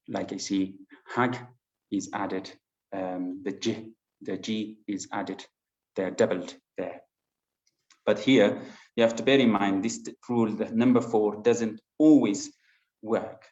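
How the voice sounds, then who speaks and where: A patient male English teacher with a lowish voice, going through grammar at a very slow pace. He stops often with fillers and restarts as he explains. The sound is dull and lo-fi, in a roomy space with a clear echo. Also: steady tone, darkish tone. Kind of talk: online class lesson. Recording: dull lo-fi sound in an echoey room.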